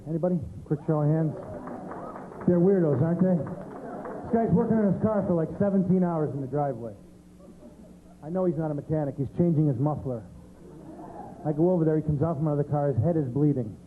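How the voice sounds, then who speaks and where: A man doing stand-up with conversational storytelling, often asking the audience questions. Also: fairly high pitch. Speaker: stand-up comedian. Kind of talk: stand-up routine. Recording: tinny, noisy 90s TV recording.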